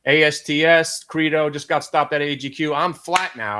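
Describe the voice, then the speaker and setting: A man's voice: fairly high pitch, fairly even intonation, moderate pace, hardly any pauses, sharp tone. Brash Brooklyn man calling live trades. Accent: Brooklyn New York. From Brooklyn, New York. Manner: brash, profane, joking asides. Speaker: day-trading show host. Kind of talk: live trading commentary.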